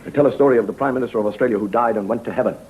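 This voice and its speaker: A man's voice: medium pitch, very fast. A man doing a stand-up monologue as comedian and host, telling stories with wry asides and punchlines. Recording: dull, noisy old TV audio.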